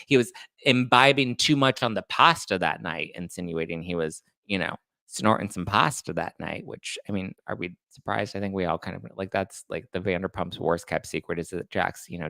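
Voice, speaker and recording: Gravelly, campy male gossip host. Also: lowish voice, sharp tone, no echo, studio quality. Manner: campy, shade-throwing, quick asides. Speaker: podcast host. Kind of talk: casual celebrity gossip chat.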